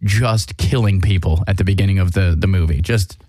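A man's voice: deep voice, fairly quick, a little mellow, no room sound, studio quality. A man hosting a casual chat, rambling through a movie plot with profanity, fillers and restarts.

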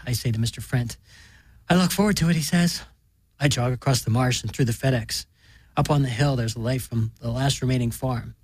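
A man reads a short story in a flat, deadpan delivery. His voice is husky, and the recording is dry and close, with no room around it. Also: mid-range voice, dry recording. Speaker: narrator.

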